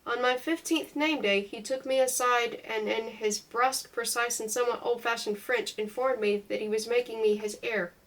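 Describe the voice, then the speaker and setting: A woman with a somewhat high voice reads a memoir aloud at an unhurried pace. Her delivery is careful and measured, and she stumbles now and then over unfamiliar foreign names. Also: fairly even intonation, a bit bright, low-quality recording. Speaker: reader. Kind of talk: unhurried audiobook-style reading of a memoir.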